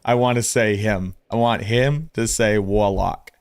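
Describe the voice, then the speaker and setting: A man streaming, giving casual commentary in a blunt, excitable way and swearing freely. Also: lowish voice, measured pace, few pauses, smooth, no echo.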